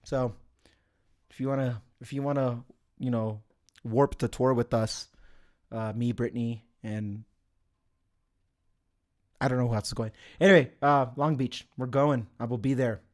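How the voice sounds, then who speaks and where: At medium pitch, normal speed and with a steady tone, a young livestream host talks to his audience, leaving long pauses. He reads the chat, drifts between topics, swears and laughs often.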